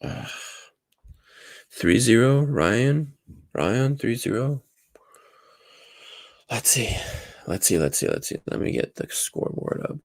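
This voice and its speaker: A medium-pitched, gravelly male voice comes through with no room sound, very animated yet measured, with long pauses. He's a livestream host at his home desk running a casual watch-along, groggy and dry-throated after waking, flustered and rambling to himself and the chat.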